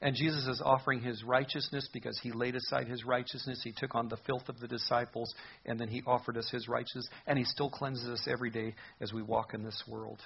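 A man's voice: mid-range voice, level tone, brisk, creaky, slightly rough, highs cut off. A man preaching a sermon as a pastor, earnest and conversational in his delivery.

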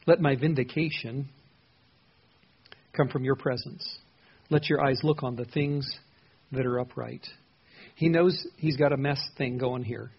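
A pastor with a husky, somewhat high voice preaches an expository sermon, earnest and conversational, questioning his listeners as he teaches. The recording sounds dull and lo-fi.

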